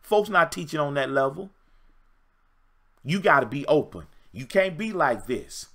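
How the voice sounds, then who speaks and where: This fairly high, somewhat bright male voice has lively intonation and an unhurried pace. He's a relationship coach in his fifties on a livestream, delivering an emphatic, preachy motivational talk and repeating his points.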